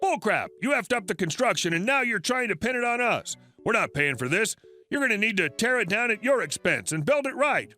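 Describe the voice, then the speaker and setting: Arrogant male company boss, scornful and loud, voiced by a high-voiced male reader. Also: sing-song, a little fast, soft background music, exaggerated voice. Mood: angry. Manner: shouting, scornful. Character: angry arrogant male fuel company manager.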